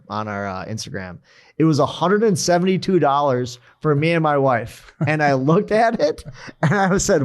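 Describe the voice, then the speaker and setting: Male podcast host, casual chat, slightly high voice, animated storyteller.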